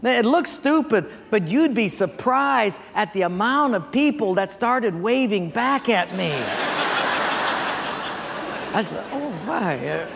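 Guy preaching a sermon, high voice, tells stories and quizzes the crowd, echoey church. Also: expressive, slow pace, gravelly, fairly bright tone. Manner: storytelling, asks the audience questions. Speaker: pastor.

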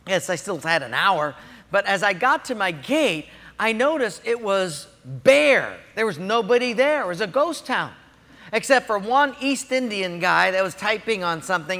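A man preaching a sermon, telling a story in an animated way and acting out the quotes. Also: high voice, normal speed, long reverb tail. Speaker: pastor.

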